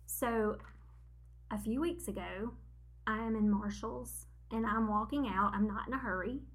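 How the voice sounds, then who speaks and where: A woman in her forties, co-hosting a podcast, telling a story in a casual chat, animated and laughing at herself as she acts out what people said. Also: on the high side, measured pace. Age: 40s. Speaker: podcast co-host.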